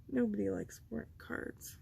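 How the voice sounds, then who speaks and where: Gravelly-voiced woman rambling to herself over a craft project, takes her time. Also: medium pitch, darkish tone. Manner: chatty, rambling, thinking aloud. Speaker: craft video host. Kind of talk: casual chat while crafting.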